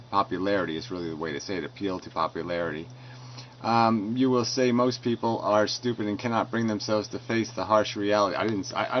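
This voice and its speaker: A man angrily reading out and rebutting comments, profane and combative, stumbling over restarts. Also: lowish voice. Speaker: video blogger answering comments. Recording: dull lo-fi recording with faint noise.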